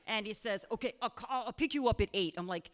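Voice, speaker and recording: A young woman telling a funny personal story on stage, chatty and self-deprecating, full of fillers and quick laughs. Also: mid-range voice. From Pennsylvania. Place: live show in a cultural center.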